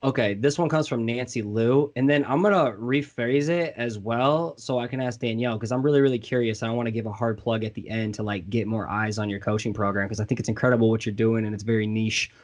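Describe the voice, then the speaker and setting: Laid-back Midwestern podcast host. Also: male voice, medium pitch, quick pace, hardly any pauses. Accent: Midwestern American. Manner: laid-back, slangy, joking. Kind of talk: casual interview.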